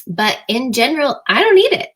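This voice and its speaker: Chatty, animated woman in her thirties. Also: high voice, a little fast, slightly rough. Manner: animated, chatty storyteller with many fillers. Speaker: interview guest. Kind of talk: casual interview chat.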